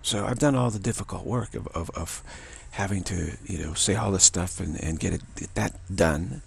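A man giving a spiritual talk, musing in a halting way with many restarts. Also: low-pitched, creaky, breathy edge. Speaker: spiritual teacher.

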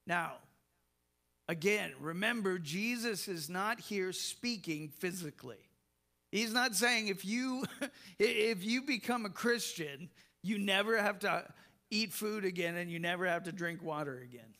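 A man preaching a sermon as pastor, slow and emphatic, with soft laughs and repeated words. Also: high-pitched.

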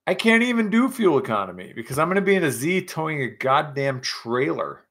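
Man, rowdy casual chat, gravelly voice, swings up and down a lot, profane and joking, a bit tipsy. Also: on the high side, big pitch swings, fairly quick, fairly bright tone. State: tipsy from scotch. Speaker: livestream host.

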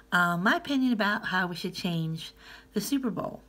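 A woman's voice: lowish voice, animated, moderate pace, fairly bright tone. A woman from Gloucester, Massachusetts, with a Gloucester accent, chatting her opinions to the camera in a rambling way and laughing often between phrases. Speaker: vlogger. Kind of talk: casual opinion vlog.

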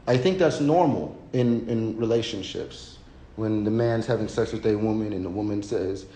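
A man talking off the cuff to his livestream audience in a blunt, profane, rambling way, often restarting his sentences. His voice sits at an ordinary male pitch and rings in a roomy, echoey space. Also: animated, normal speed, darkish tone, a little hiss or hum. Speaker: livestream host. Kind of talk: casual unscripted livestream rant. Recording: roomy echo.

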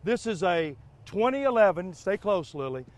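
A man's voice: high voice, very animated, normal speed. A man hosting a car dealership TV spot, pushing deals in a repetitive way, checking in with "all right?" and "okay?". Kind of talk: live car sales pitch. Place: car lot outdoors.

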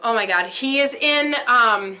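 A young woman excitedly unboxing a subscription box for her vlog, gushing and exclaiming as she goes. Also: on the high side, a little slow. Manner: gushing, breathless, frequent exclamations.

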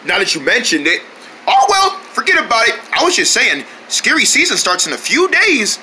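A man's voice: very high voice, huge pitch swings, normal speed, bright, forceful tone, slight background noise. A man voicing goofy cartoon characters in playful, sing-song banter.

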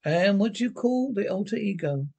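A soft-spoken, taunting alter ego that lives inside a man's head, as a man acts it out. It speaks low and hushed with a smooth, mocking calm, in a one-man dramatic script reading. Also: normal speed, full character voice. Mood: solemn.

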